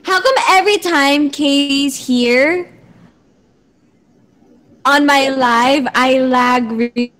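A woman's voice: sits high, slow pace, long pauses, fairly bright tone. A woman with a Filipino accent hosting a casual livestream, bubbly and giggly as she chats with viewers. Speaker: livestream host.

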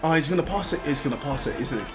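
A young man, commentating his own football video game in a loud, sweary way, switching from mock rage to gloating. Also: on the high side, expressive, very fast, over music. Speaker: gaming YouTuber. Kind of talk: live gameplay commentary.

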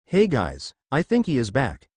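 A man's voice: medium pitch, wildly swooping pitch, measured pace, darkish tone, slightly rough, no echo, heavily acted. A man doing a cheeky prankster ninja boy.

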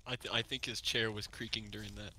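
A man's voice: lowish voice, flat delivery, quick pace, pushed and bright. A man in a casual voice chat, mumbling and making joking asides.

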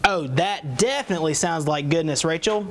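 A man's voice: on the high side, moderate pace, noisy background, close to an everyday voice. A man voicing a cheerful, eager puppet boy in a children's church show, with an enthusiastic, folksy way of talking.

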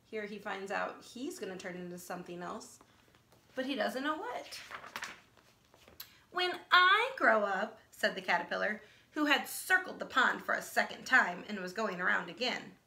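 A woman teacher reading a children's picture book aloud, animated and asking her listeners questions. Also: mid-range voice, normal speed, creaky. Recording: echoey room.

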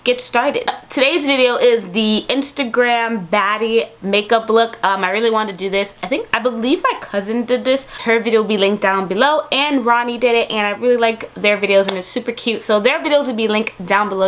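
A woman's voice: fairly high pitch, a little fast. A young woman talking casually through a makeup tutorial, upbeat and chatty with many fillers. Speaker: beauty vlogger.

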